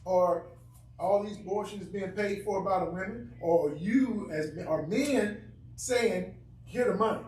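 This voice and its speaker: A man's voice: high voice, takes it slowly, darkish tone. A man speaking earnestly and emphatically in a Bible study class discussion. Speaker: class member. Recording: echoey room, far from mic, faint noise.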